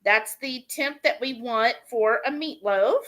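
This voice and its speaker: A woman's voice: a little high, slow pace, fairly bright tone. A woman hosting a casual live cooking stream from her home kitchen, chatting and reading viewer comments aloud. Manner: chatty, reads out and answers chat messages.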